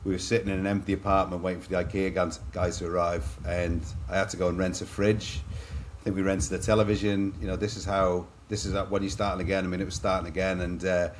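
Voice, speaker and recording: A middle-aged Liverpool man with an English accent speaks in a low, flat voice at a quick pace, with a little hiss or hum in the background. He's a podcast guest telling candid stories from his own life in a chatty, anecdotal way, calling the host "mate".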